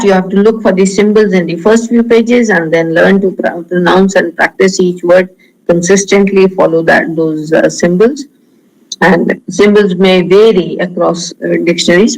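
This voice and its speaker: Man, Indian English accent, lecturer tone, high voice, measured with many uh's. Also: vocal fry, low-quality recording. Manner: measured, slows to model words, frequent fillers. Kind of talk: online lecture on pronunciation.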